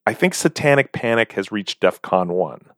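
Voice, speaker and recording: A man co-hosts a podcast in casual chat, wryly reading out a long list of listener names. His low, expressive voice moves at a moderate pace, recorded in clean studio sound with no room sound.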